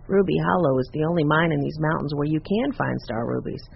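Knowledgeable young rockhound, read by a man, gravelly and calm, dull lo-fi sound. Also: on the high side, a little fast, a little hiss or hum. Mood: explaining. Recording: dull lo-fi recording.

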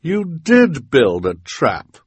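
A man's voice: on the high side, huge pitch swings, slow pace, husky, dry recording, pitched above the performer's own voice, full character voice. A man voicing a haughty, sneering villainous woman with a mocking, nasty tone.

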